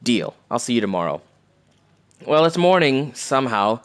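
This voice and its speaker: A man's voice: mid-range voice, big pitch swings, moderate pace. A man doing casual live commentary on a game playthrough, reading in-game messages aloud and adding slangy quips. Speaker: streamer.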